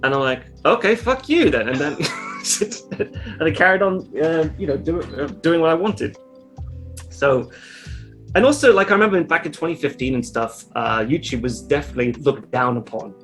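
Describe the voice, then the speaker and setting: A man's voice: on the high side, expressive, moderate pace, a bit bright, faint music behind. A man talking as an interview guest in a loose, rambling way, full of fillers and the odd swear word. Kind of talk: casual interview chat.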